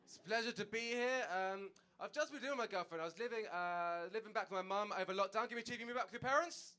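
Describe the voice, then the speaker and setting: A young man doing a stand-up comedy set on stage, telling a story with animated delivery and acted-out dialogue. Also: high-pitched, fast, slight background noise. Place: comedy stage before an audience.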